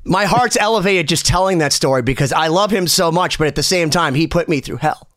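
A man, a music producer, telling a story in an animated way, laughing and acting out the people he quotes. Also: a little high, brisk. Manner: excitable, laughing, acts out quoted voices.

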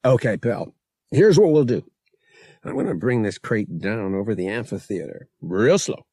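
Man doing a brash, gravelly young pilot, loud and bossy, for an audiobook. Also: fairly low pitch, very animated, moderate pace, no room sound, clean studio sound, heavily acted. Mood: commanding. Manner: casual slang, barked orders. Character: brash young male pilot, cocky and commanding.

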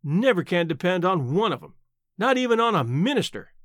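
A man's voice: high voice, big pitch swings, fairly quick, fairly bright tone, no echo. A man doing a blunt plainspoken old aunt. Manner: dry, matter-of-fact, plainspoken country talk. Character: blunt, sharp-tongued old countrywoman aunt.

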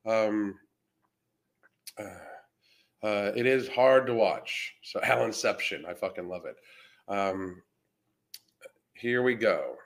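Speaking slowly in a lowish voice and pausing often, a Florida podcast host reacts to comments on his livestream. He reads them out and mocks the trolls, brash, profane and casual.

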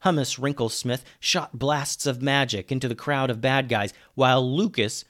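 A man narrating a children's adventure tale in an average-pitched voice. He reads with lively energy, sinking quieter and lower on each "he said". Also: normal speed, hardly any pauses, no room sound, studio quality. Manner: lively, dropping low and quiet on narration tags. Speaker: storyteller. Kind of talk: reading a children's adventure story aloud.

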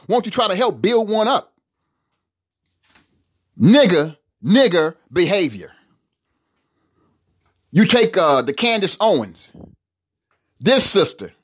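A middle-aged man delivering solo podcast commentary with a preachy, emphatic bent. His pitch climbs and drops in wide swings as he presses his points and doubles up words for weight. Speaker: podcast host.

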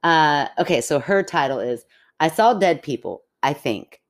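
A woman co-hosting a podcast in casual chat, teasing her co-host and reacting with quick jokes. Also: low-pitched, animated.

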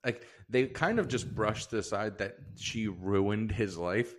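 A man's voice: on the low side, takes it slowly. A young man co-hosting a comedy podcast, telling stories in a loose, profane, laughing way. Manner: profane, animated storyteller, laughs often. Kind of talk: casual podcast chat.

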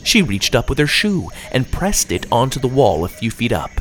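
A man narrating a children's adventure story aloud, reading expressively. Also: moderate pace. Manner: expressive read-aloud with lively pitch.

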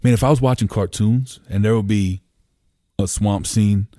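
Speaking at normal speed with fairly even intonation, this Pennsylvania podcast guest has a warm, lowish voice. He rambles through casual stories in a home room, leaning on "you know" fillers and offhand cursing, and the recording is clean with no echo.

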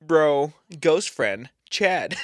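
A man co-hosting a podcast who chats casually in an animated way and chuckles as he talks. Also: a little high, drawn-out words, no echo, studio quality. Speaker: podcast co-host. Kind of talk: casual chat.

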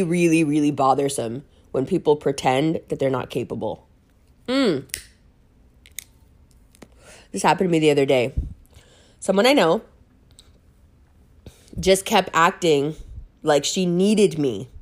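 Blunt, profane woman telling stories. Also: on the low side. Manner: blunt, profane, animated, laughs often. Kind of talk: casual storytelling monologue.

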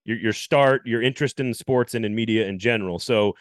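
A man's voice: fairly low pitch, a little fast, no echo, clean studio sound. A man hosting a casual podcast interview who asks loose, rambling questions. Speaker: podcast host.

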